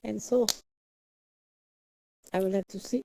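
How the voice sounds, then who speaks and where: A woman's voice: medium pitch, steady tone, slow, vocal fry, noisy background. A woman livestreamer in casual chat, muttering to herself as she sets things up and humming nonsense syllables. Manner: chatty, mutters to herself while setting up; hums and sings nonsense syllables.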